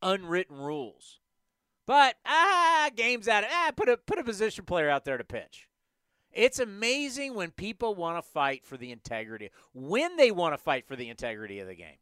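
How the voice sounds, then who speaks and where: A man hosting a sports talk show, ranting in an animated, emphatic way into a studio microphone. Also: high-pitched, moderate pace, clear, resonant tone, dry recording. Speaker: sports podcast host.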